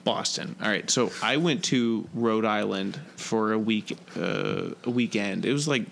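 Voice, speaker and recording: Guy on a podcast, gravelly, cusses constantly, rambly, faint hiss behind. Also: lowish voice, unhurried, a bit bright. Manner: rambling, swears often, restarts a lot. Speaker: podcast co-host. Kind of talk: casual profane chat.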